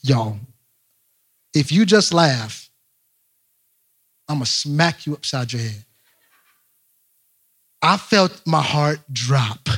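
Young guy pastor telling a story from the pulpit, bright edgy voice, really animated, talks right to the crowd. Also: a little high, drawn-out words, pauses often, slightly rough. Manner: animated, speaks straight to the congregation. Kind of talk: storytelling sermon.

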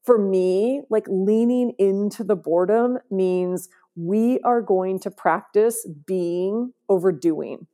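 Woman guest on an interview podcast, warm and mellow tone, earnest and emphatic. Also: mid-range voice, slow, hardly any pauses. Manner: earnest, emphatic, often asks "right?". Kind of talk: conversational interview.

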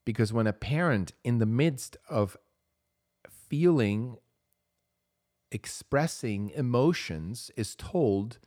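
A man's voice: medium pitch, animated, slow, long pauses, a little mellow, no room sound, clean studio sound. A man hosting a podcast, speaking earnestly and emphatically to parents, repeating key phrases for weight, with hesitant fillers between thoughts. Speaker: podcast host. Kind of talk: impassioned advice monologue.

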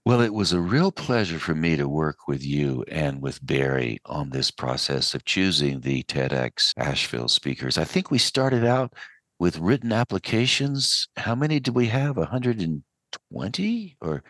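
A man with a very low voice hosts a radio interview. His pitch swings widely as he asks drawn-out, playful questions, and the sound is dry and close. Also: sing-song, fairly bright tone, no echo. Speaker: radio host.

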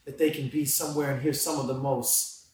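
Man, casual faith chat, hushed to fired-up preaching, says bro a lot, distant mic, very echoey room, faint noise. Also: medium pitch, brisk. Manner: swings from hushed reflection to excited preaching; casual slang, calls listener bro.

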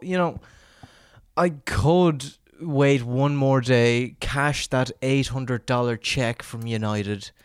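Ranting man, lively swoops. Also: medium pitch, no echo, clean studio sound. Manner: ranting and profane. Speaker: podcast host. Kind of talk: casual chat.

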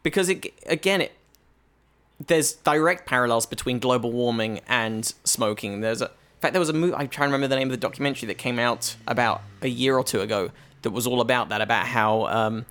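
A man's voice: medium pitch, fairly quick, fairly bright tone. A British man, a comedian, chatting casually on a podcast and telling a meandering story full of restarts. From Britain. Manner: rambling storyteller with many restarts. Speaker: comedian guest. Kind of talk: casual chat.

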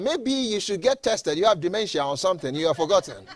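Man preaching a sermon, highish voice, repeats himself for emphasis, dry close sound. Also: very animated, dry recording. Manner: reads scripture slowly, then preaches with emphatic repetition. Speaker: pastor.

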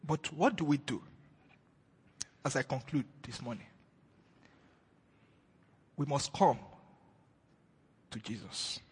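A man preaching a sermon with a very husky, breathy voice and a lively, swinging pitch. He moves between loud declarations and hushed retellings of scripture. His voice carries a long reverb from a church hall. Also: slow pace, pauses often.

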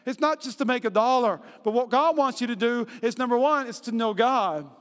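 A man preaching a sermon as pastor, telling stories with animated, acted-out voices and humor. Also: a little fast, clear, resonant tone. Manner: animated storytelling, acts out quotes in high voices. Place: church auditorium. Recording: long hall reverb.

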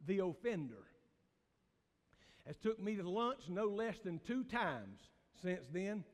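A middle-aged man preaching a sermon as pastor, moving from hushed storytelling to shouted emphasis. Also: high-pitched, big pitch swings, takes it slowly. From American South. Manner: Southern preacher cadence, swings from hushed to shouting. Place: church sanctuary. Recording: reverberant church hall.

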